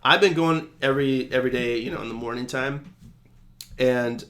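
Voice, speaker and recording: A young man co-hosting a podcast, telling a story in a casual, animated way and laughing often. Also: mid-range voice, normal speed. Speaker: podcast co-host. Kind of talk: casual chat.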